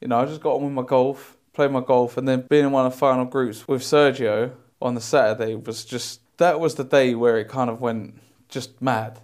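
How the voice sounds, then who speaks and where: A man's voice: medium pitch, steady tone, moderate pace, a little mellow. A young man, chatting loosely about a memorable day and often filling with "like". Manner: chatty, with lots of likes. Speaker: professional golfer. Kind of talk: interview recollection.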